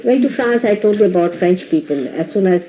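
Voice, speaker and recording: A woman's voice: mid-range voice, lively intonation, brisk, slight background noise. Woman teacher, playful and scolding. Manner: playful scolding, laughing often. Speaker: spiritual teacher. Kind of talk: spiritual talk to followers. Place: indoor ashram hall. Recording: dull lo-fi 1980s tape recording.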